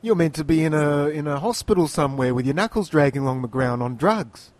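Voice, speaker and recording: Male host, casual chat, fairly high voice, mock-outraged teasing. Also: expressive, fast, darkish tone, no echo. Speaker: interview host.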